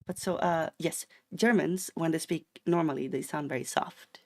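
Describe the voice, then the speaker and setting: A man's voice: a little high, normal speed. A man from Sweden chatting casually on a live stream while he plays, rambling through tangents and restarting his sentences.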